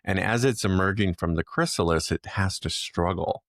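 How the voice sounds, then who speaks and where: A man's voice: deep voice, moderate pace, vocal fry, dry recording, studio quality. A man co-hosting a podcast, talking reflectively in casual chat and explaining his point through a metaphor. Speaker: podcast co-host.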